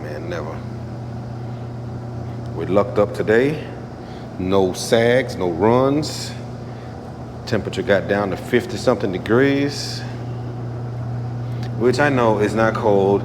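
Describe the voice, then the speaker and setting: A man's voice: on the low side, slow pace, pauses often, background noise. A man working as an automotive painter, talking casually in a shop vlog. He is laid-back, repeats his phrases and often adds "man".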